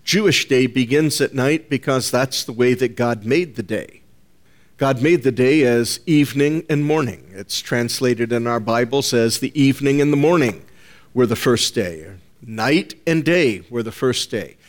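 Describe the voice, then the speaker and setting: A man preaching a sermon to his congregation in a deliberate, emphatic manner, repeating key phrases and calling his listeners "folks". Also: medium pitch.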